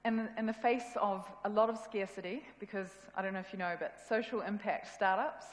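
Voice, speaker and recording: A woman with a New Zealand accent gives a casual, self-deprecating talk as a conference speaker in an event hall. Her mid-range voice is steady and brisk, and the echoey hall adds a long reverb.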